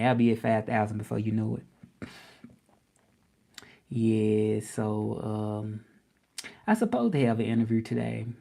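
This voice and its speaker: A man hosting a casual livestream, relaxed and rambling, often repeating himself. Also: mid-range voice, gravelly. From Memphis, Tennessee. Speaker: language teacher and livestream host.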